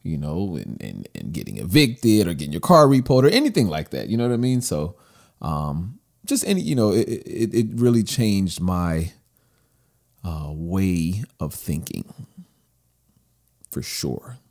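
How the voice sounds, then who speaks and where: A man's voice: low-pitched, a little slow, vocal fry. A young man co-hosting a podcast in casual chat, telling stories with animation and acting out what others said. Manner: animated storyteller, acts out quoted lines. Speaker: podcast co-host.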